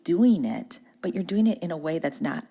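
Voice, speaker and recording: A woman talks in a casual podcast monologue, upbeat and chatty, laughing often. Her voice sits low with a gravelly, slightly husky texture. She records from a corner of her home. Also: animated, moderate pace, warm tone. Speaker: podcast host and business coach.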